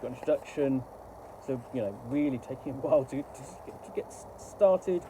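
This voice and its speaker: A middle-aged man giving casual, rambling, halting commentary while unboxing a book. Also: medium pitch, warm tone, slight background noise, poor audio.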